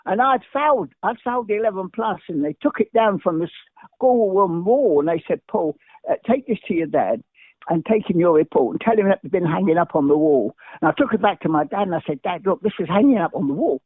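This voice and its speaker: A man's voice: high-pitched, expressive, no echo. An older man from England telling stories at speed, jumping from one tale to the next and tripping over his own words. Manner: talks very fast, jumps between stories, stumbles and restarts. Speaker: guest. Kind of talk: animated anecdotal storytelling. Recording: dry, tinny phone-like line.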